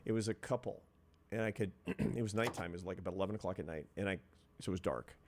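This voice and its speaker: Deep-voiced middle-aged man telling his story. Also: quick pace, noisy background. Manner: earnest, reflective, builds points step by step. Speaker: interview guest, social scientist. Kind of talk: reflective storytelling in an interview.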